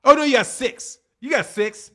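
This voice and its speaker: High-voiced trash-talking streamer man. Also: fairly bright tone. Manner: cocky, teasing, trash-talking; fast, rambling, with restarts and laughs. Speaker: livestream host. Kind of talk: casual livestream chat.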